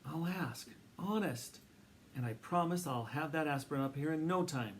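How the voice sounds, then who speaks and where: A man voicing a small, eager, determined male mouse who pleads urgently and lets out shrill siren cries. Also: expressive, brisk, a little hiss or hum. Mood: pleading.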